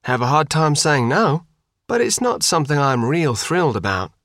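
A man reads an audiobook in a fairly high, somewhat bright voice with wide pitch swings, raised above his natural register to play a weary, protective mother who sounds tired and reluctant. He speaks at a moderate pace, and the studio recording is clean with no echo.

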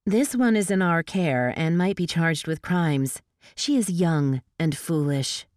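A commanding female federal agent, voiced by a woman reading aloud, speaking in a careful, official way and rising to sharp, high orders. The reading is a dry audiobook recording. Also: animated, measured pace, no room sound.

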